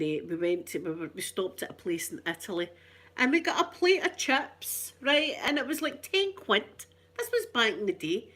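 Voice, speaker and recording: A woman's voice: mid-range voice, fairly bright tone. Cheeky rambling Scottish woman. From Scotland. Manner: cheeky, rambling, self-mocking storyteller. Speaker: ASMR channel host. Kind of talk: casual chatty ASMR talk.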